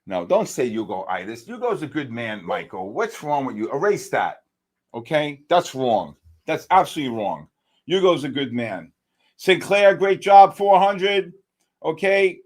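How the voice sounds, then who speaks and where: Excitable man hosting a live trading stream. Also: on the high side, unhurried. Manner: animated, exclamatory, talks to chat by name. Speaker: livestream trading host. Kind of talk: excited live market commentary.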